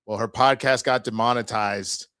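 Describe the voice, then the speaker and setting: A man's voice: medium pitch, steady tone, moderate pace, sharp tone, clean tone, no room sound, studio quality. A man co-hosting a podcast, chatting casually with many fillers and restarts. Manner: loose, hesitant, full of fillers. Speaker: podcast co-host. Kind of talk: casual chat.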